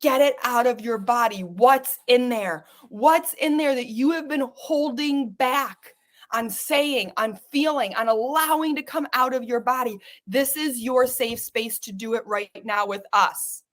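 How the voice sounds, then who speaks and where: Guiding listeners through an exercise, a woman podcast host issues urgent, coaxing commands and repeats them. She speaks unhurriedly in a fairly high-pitched voice with a fairly bright tone.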